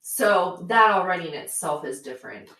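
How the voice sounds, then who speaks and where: A woman guest on a podcast, chatting casually and candidly, quick to laugh at herself. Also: lowish voice, expressive, sharp tone, reverberant, poor audio. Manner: candid, self-deprecating. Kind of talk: casual chat.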